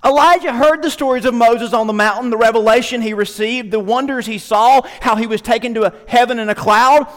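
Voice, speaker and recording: A man's voice: extremely high pitch, fairly quick, hardly any pauses, fairly bright tone. A man preaching a sermon in a conversational, storytelling way, acting out the dialogue, heard with long hall reverb.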